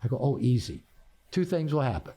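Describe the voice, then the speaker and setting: A man's voice: medium pitch, sing-song, a little fast, mellow, breathy edge. An older man, a therapist and author, telling personal stories in a podcast conversation, repeating words as he restarts and laughing at his own punchlines.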